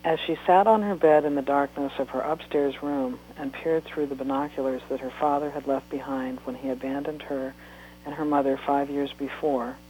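A woman author reading a chapter of her book aloud in steady, unhurried narration. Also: rumbling low, slight background noise, rough recording.

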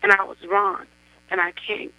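A woman's voice: medium pitch, level tone, normal speed, lightly acted. A woman voicing an ashamed young woman confessing to her friend, in a pleading, remorseful tone. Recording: dull lo-fi radio sound.

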